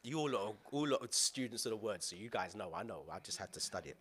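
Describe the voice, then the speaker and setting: Lively pastor, bright voice. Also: male voice, on the low side, fast, few pauses, husky. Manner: lively, playful preaching with London slang and asides. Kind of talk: sermon.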